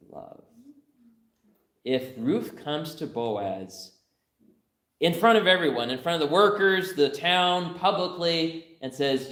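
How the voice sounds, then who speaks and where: A man's voice: mid-range voice, a bit bright. A young man preaching a sermon in a church, conversational and humorous, telling stories and laughing along. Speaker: pastor. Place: church sanctuary. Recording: roomy church hall.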